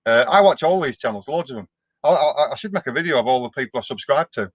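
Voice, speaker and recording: Here the same sort of middle-aged live-stream vlogger talks fast and expressively at a medium pitch, chatting through viewer comments with a down-to-earth manner and frequent restarts. There's no echo, but the audio sounds dull.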